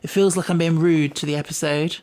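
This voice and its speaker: A man's voice: a little high, steady tone, a little mellow. Chatty man hosting a podcast. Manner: chatty, self-doubting, quick to explain himself. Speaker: podcast host. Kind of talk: casual chat.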